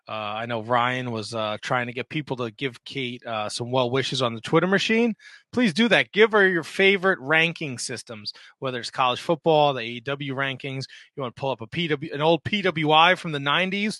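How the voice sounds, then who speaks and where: A man's voice: mid-range voice, pushed and bright, dry recording. A man co-hosting a podcast in casual chat, rambling and swearing through his sports banter. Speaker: podcast co-host.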